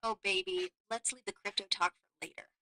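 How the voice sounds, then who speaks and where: A woman's voice: mid-range voice, fairly even intonation, fairly quick, pushed and bright, close to an everyday voice, rough recording. A synthetic female AI voice playing a flirty, seductive female companion who murmurs teasing lines. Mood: sultry, teasing. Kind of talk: AI voice role-play.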